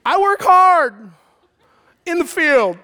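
A pastor voicing a jealous older brother who pouts and whines about being left out. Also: male voice, sits high, moderate pace, big-room sound. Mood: whining. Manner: whiny, pouting complaints. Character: sulking, jealous older brother, young man.

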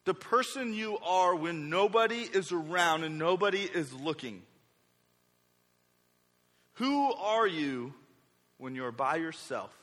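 A young male pastor with a high, bright voice preaches with energy, acting out quoted speakers as he goes. A long reverb hangs on each phrase. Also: animated, slow, pauses often. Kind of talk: sermon. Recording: reverberant hall.

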